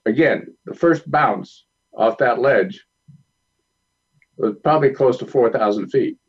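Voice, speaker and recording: A man, a film director, telling stories in a calm, measured way as a guest on a talk show. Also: medium pitch, breathy edge, highs cut off. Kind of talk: interview storytelling.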